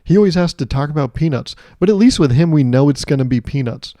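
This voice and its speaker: A fast-talking man with a slightly high, animated, warm voice hosts his own podcast alone, ranting sarcastically and profanely and frequently laughing at his own jokes. The sound is studio quality with no echo.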